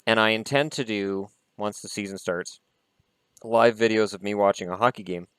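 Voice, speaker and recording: A man's voice: on the low side, moderate pace, a bit bright, smooth, no room sound. A man hosting a casual vlog, chatting in an opinionated way and swearing mildly as he opens trading cards. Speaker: hockey vlogger. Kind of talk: casual card-opening vlog chat.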